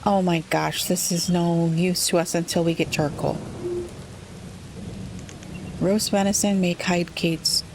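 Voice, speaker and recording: A woman playing a city-builder game, thinking aloud and puzzling over it, her voice a little rough today. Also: on the low side, fairly even intonation, slow, pauses often, noisy background. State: slightly rough voice. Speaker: let's play gamer. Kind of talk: relaxed gameplay commentary.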